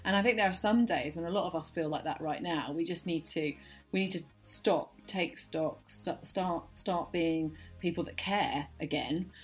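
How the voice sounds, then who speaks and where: Lower-voiced chatty woman reviewer. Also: moderate pace, husky, soft background music. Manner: chatty, digressing, frequent fillers. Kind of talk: casual review chat.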